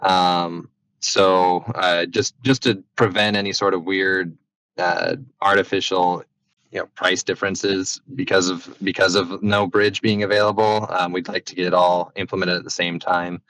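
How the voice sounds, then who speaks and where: A man answering community questions about a game, halting with many restarts and fillers. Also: sits low, little pitch movement, a bit bright, no echo, rough recording. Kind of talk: casual explanatory talk.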